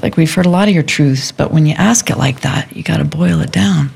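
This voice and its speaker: Husky, gravelly woman host. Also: sits low, fairly quick, a little mellow. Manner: supportive, affirming. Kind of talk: casual interview chat.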